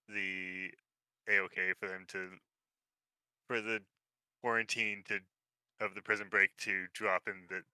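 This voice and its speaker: A man narrating as game master of a tabletop game, relaxed and hesitant with many fillers. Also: low-pitched, smooth, no echo, poor audio.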